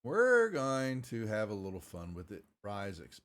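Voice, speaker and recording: A man's voice: fairly low pitch, wildly swooping pitch, unhurried, fairly bright tone. A man running a tabletop game as game master, narrating loosely with many fillers and restarts.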